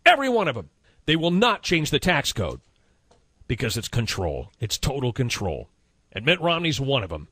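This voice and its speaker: A man's voice: mid-range voice, huge pitch swings, normal speed, a bit bright, breathy edge, dry recording. A male radio talk host delivering a heated, indignant on-air rant, hammering his points with repetition. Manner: indignant, impassioned, emphatic repetition.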